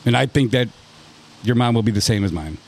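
A man's voice: medium pitch, lively intonation, a little fast, slight background noise. A man hosting a casual podcast, swearing and laughing as he tells stories with friends. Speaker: podcast host. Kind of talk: casual banter. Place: outdoors at a ranch.

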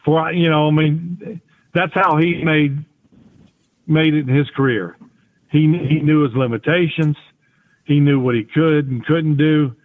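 Guy rambling thru old football stories, folksy, lots of restarts, kinda high voice, sounds like over the phone. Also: steady tone, unhurried. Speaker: podcast guest, former quarterback. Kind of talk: casual interview storytelling. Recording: tinny phone-like audio.

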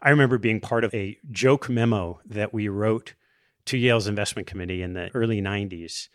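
A middle-aged man hosting a podcast, explaining ideas in a lively conversational way with quoted asides. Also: on the low side, fairly quick, no echo, studio quality. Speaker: podcast host interviewing investors.

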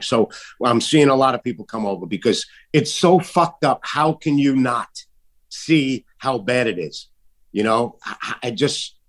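A man, an artist guest talking in a casual, emphatic way, swearing often and jumping his voice high when he mimics others. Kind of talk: casual political chat.

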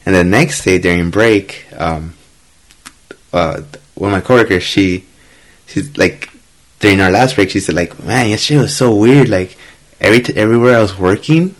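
A low-voiced man chats as a guest on a casual podcast. He talks in a laid-back, halting way and starts over often. He swears in an offhand way. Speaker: podcast guest, host's younger brother. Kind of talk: casual chat.

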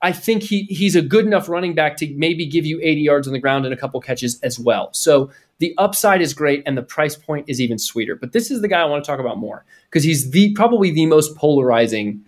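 Young guy cohost, kinda high voice, quick jokey sports chat. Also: animated. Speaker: podcast co-host.

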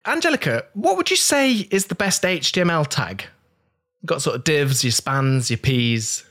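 A man's voice: a little high, very animated, moderate pace, a bit bright. A man hosting a podcast panel, playful and teasing, often laughing. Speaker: podcast host. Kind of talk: casual panel chat.

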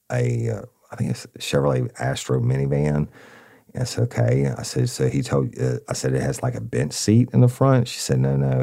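A middle-aged man recounting a case as a true-crime podcast host. His voice sits extremely low and is heavily gravelly, while his pitch swings a lot from phrase to phrase. The tone is dark, and his delivery is folksy and direct. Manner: folksy, addresses listeners directly. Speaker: podcast host and former detective.

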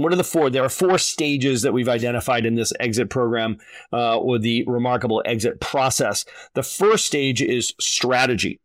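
A man's voice: medium pitch, dry recording. A man hosting a podcast as a consultant, explaining a process in a coaching tone and often adding "right?". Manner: coaching tone, frequent "right?" tag questions. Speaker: podcast host and practice exit consultant. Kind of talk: conversational podcast discussion.

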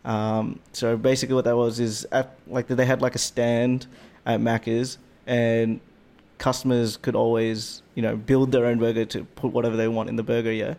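Animated, swearing Australian man telling stories. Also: mid-range voice, moderate pace. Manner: animated, swears a lot, voice jumps up when indignant. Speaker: podcast co-host. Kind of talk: casual storytelling chat.

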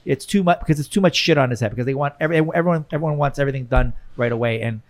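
A man telling a casual story about his father, animated and swearing now and then. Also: medium pitch, racing. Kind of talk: casual chat.

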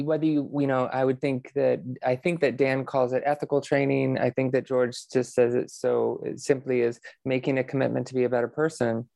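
Gravelly man, reflective guest. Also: mid-range voice, a little mellow, no echo. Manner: reflective, earnest, many fillers. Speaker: podcast guest, meditation teacher. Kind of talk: relaxed interview conversation.

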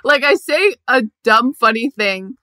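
A woman's voice: fairly high pitch, very animated, unhurried, sharp tone, no echo, clean studio sound. A young adult woman comedian chatting as a guest on a podcast, laughing often and rambling in a self-mocking way. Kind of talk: casual podcast chat.

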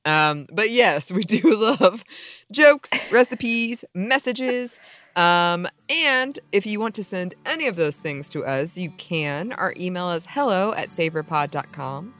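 A woman's voice: on the low side, expressive, fairly bright tone, no echo, faint music behind. A woman co-hosting a podcast, chatting casually over an internet call and giggling at jokes. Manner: giggly, drawn-out reactions. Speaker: podcast co-host. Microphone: home mic over internet call.

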